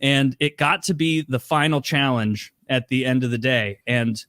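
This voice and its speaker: A man's voice: mid-range voice, normal speed, no room sound. A man hosting a podcast, animatedly retelling a story in casual chat with lots of filler words. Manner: animated retelling, heavy use of "like". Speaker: podcast host.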